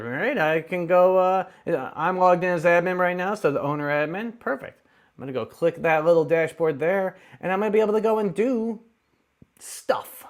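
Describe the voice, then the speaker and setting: Man, tech tutorial host, slightly high voice, chatty, playful, close desk mic. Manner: chatty, upbeat, playful asides. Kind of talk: casual screen-share tutorial. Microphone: close desk microphone.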